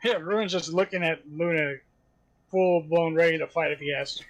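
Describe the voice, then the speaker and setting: A man's voice: fairly high pitch, steady tone, moderate pace. A man playing a tabletop game who describes his character's actions briefly and matter-of-factly. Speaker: player. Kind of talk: casual tabletop chat.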